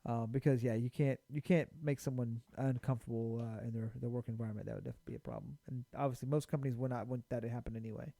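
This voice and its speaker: A man co-hosts a podcast in a casual chat. He talks quickly in a dark, mellow voice, bluntly and with casual swearing. The recording is dry and close. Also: mid-range voice, fairly even intonation, creaky, no echo. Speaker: podcast co-host.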